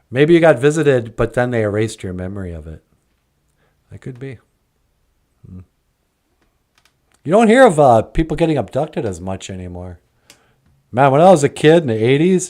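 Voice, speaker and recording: A man's voice: medium pitch, darkish tone. A man in his forties hosting a comedy show, joking in an easygoing way. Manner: jokey and easygoing. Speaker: host. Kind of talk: comedic puppet-show banter.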